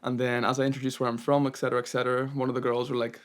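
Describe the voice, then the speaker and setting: A man's voice: mid-range voice, level tone, fast talker. A young man narrating his travel vlog in a chatty, rambling way, full of "kinda" and "you know". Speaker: travel vlogger.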